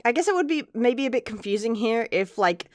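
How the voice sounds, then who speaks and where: A woman's voice: fairly high pitch, lively intonation, brisk, no echo, studio quality. A woman giving a casual chapter review in a chatty, rambling way, swearing now and then. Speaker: manga reviewer.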